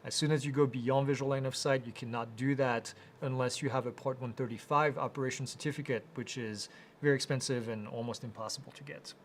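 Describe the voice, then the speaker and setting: A man hosting a live Q&A, reading out viewer questions and answering them in a casual, halting way with many fillers. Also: medium pitch, fairly even intonation, a little hiss or hum. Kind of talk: live Q&A chat.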